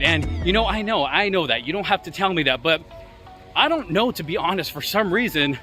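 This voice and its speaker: A man's voice: sits high, lively intonation, a little fast, over music. A man chatting casually about earbuds while walking outdoors, recorded on a phone he carries, talking loosely with lots of fillers. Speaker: tech vlogger. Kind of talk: casual walk-and-talk review. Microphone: phone he carries with him.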